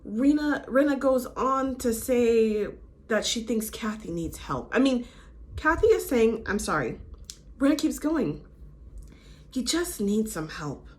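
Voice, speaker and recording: A woman's voice: fairly high pitch, animated, unhurried. A woman giving a casual, outspoken recap of a reality show, opinionated and swearing freely.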